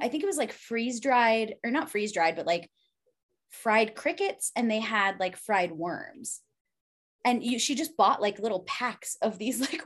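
A woman co-hosting a casual podcast chat, playful and laughing often. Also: medium pitch. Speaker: podcast co-host.

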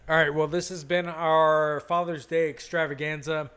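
A man's voice: fairly high pitch, flat delivery, moderate pace, a bit bright, smooth. A young man hosting a podcast in casual chat, rambling and swearing loosely. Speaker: podcast host.

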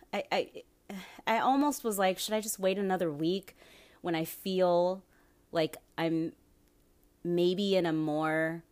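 Low, slow-talking profane woman podcaster. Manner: profane, laughing, candid. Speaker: podcast host. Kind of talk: casual solo podcast monologue.

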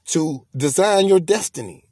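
Emphatic man with a gravelly voice. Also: a little high, lively intonation, a little slow, darkish tone, dry recording, clean studio sound. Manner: preachy, repetitive, emphatic. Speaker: podcast host. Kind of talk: motivational monologue.

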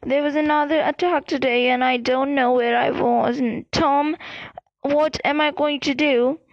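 A woman's voice: high-pitched, steady tone, unhurried, no echo, highs cut off. A woman voicing an anxious, confused young schoolgirl's diary entries in a storybook reading, in a worried recital.

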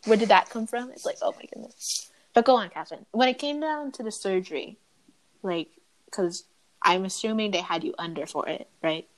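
A woman's voice: medium pitch, brisk, rough recording. A woman hosting a podcast, chatting casually, laughing often and chiming in with support. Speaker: podcast host.

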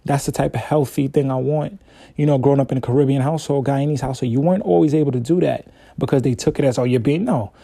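A man's voice: medium pitch, fast, gravelly, warm tone, no room sound, clean studio sound. A man hosting a casual solo podcast, talking in a laid-back, slangy, conversational way. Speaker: podcast host, father.

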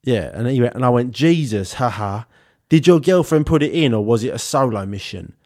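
A man's voice: medium pitch, animated, brisk, a little mellow. A young British man co-hosting a podcast, telling a story and acting out both sides of a chat with frequent laughter. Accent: British English. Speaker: podcast co-host.

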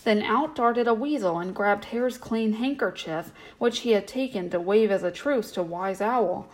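A woman's voice: medium pitch, moderate pace, low-quality recording. Woman reading a bedtime story.

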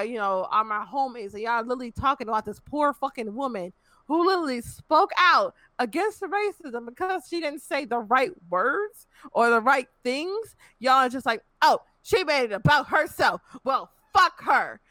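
A woman's voice: high voice, expressive, normal speed, bright, forceful tone, dry recording. A young woman in casual talk, ranting bluntly and profanely, exasperated.

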